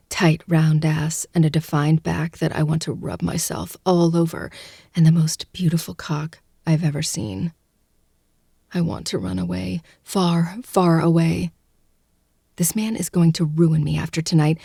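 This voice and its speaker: A woman narrating a first-person audiobook close to the mic, in a hushed, breathy, intimate delivery that often drops to a whisper. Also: low voice, flat delivery, measured pace, no echo.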